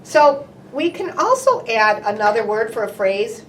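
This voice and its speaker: Brief: animated woman speech therapist, high and bouncy pitch, exaggerated sound effects, slow deliberate word modeling. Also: a little hiss or hum. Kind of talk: playful speech therapy session with a young child. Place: indoor therapy room. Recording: roomy and distant.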